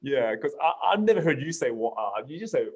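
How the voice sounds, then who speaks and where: A man's voice: medium pitch, big pitch swings, brisk, husky. A man hosting a podcast, casual and upbeat, laughing often as he leads the conversation. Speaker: podcast host.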